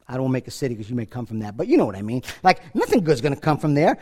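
A man's voice: medium pitch, huge pitch swings, very fast, hardly any pauses, mellow. A middle-aged man from New York preaching a conversational Bible-teaching sermon, acting out the scripture dialogue. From New York, USA. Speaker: pastor.

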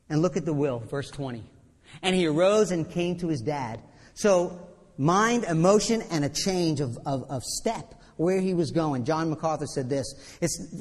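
A man preaching a sermon, animated, often repeating words and acting out quotes. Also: on the high side, moderate pace. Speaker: pastor. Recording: long reverb in a church hall.

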